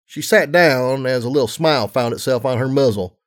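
A man reading a story aloud, narrating in a steady, even storytelling manner. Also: medium pitch, a little fast. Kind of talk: audiobook reading of fan fiction.

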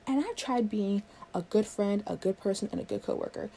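A woman's voice: medium pitch, brisk, creaky, few pauses, warm tone, husky. A young woman in a one-sided role-play, playing a sarcastic, exasperated coworker who swears a lot. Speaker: coworker doing a project with the listener.

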